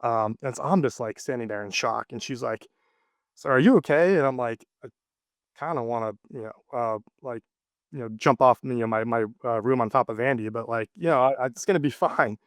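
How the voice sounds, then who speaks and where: Male guest, 30s, mid-pitched, rambling storyteller with "uh" and "like", dry close mic. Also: a little fast, no echo. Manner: rambling, lots of fillers and restarts. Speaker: interview guest. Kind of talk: casual storytelling interview.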